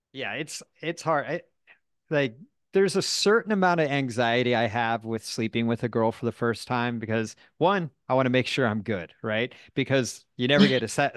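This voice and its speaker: A man's voice: mid-range voice, fairly bright tone, no room sound, clean studio sound. A man talking frankly and casually, rambling through stories with self-deprecating asides. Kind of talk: candid casual chat.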